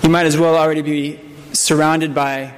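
A man as a priest reading the epistle and gospel, then preaching, in a measured, solemn manner with small slips. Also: a little high, level tone. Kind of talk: scripture reading and sermon. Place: church. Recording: long church reverb, faint room noise.

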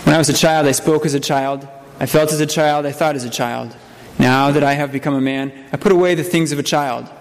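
A man as a priest reading the epistle and gospel, then preaching, in a measured, solemn manner with small slips. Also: fairly high pitch, steady tone. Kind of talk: scripture reading and sermon. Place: church. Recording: long church reverb, faint room noise.

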